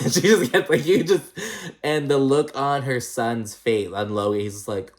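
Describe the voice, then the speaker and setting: A man's voice: mid-range voice, a little slow. A young adult man recapping a reality TV episode in casual chat, swearing freely, laughing often and acting out the cast's lines. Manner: profane, chatty, laughs often, acts out quotes.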